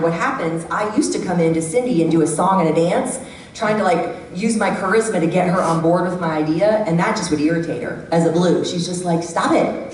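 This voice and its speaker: A middle-aged woman giving a lively workshop talk to a live audience, acting out the voices she quotes. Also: lowish voice. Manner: animated, acts out quoted voices. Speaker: workshop speaker. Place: church hall. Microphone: handheld microphone. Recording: echoey hall from far off, faint background hum.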